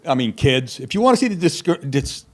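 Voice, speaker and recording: A man's voice: mid-range voice, very animated, fairly quick. A man in his sixties hosting a comedy talk show, crude and sarcastic, often laughing at his own jokes. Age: 60s. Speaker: comedian podcast host.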